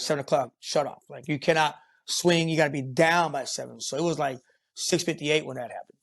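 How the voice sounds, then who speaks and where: A man who works as a construction foreman, a podcast guest telling a work story in a rambling, profane way full of fillers. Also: on the high side. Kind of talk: casual storytelling interview.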